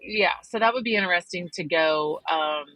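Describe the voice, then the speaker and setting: A woman co-hosting a casual podcast, telling family stories with frequent laughs. Her voice is bright and forceful, recorded close and dry, with no room sound around it. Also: on the low side, moderate pace, no echo, low-quality recording. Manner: chatty storyteller, laughs often. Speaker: podcast co-host. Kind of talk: casual chat.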